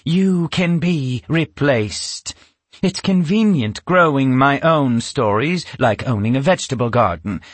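A man's voice: mid-range voice, expressive, a little slow, no room sound, pitched above the performer's own voice. A man reading a storybook aloud and voicing a cruel, spiteful female witch who snaps and screams with menace. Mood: contemptuous. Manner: snapping, menacing, bursts into screams.

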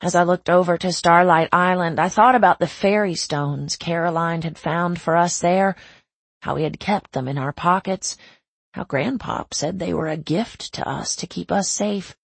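A woman narrating a first-person novel in a reflective, measured way with a husky, creaky voice. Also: on the low side, no echo. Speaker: audiobook narrator.

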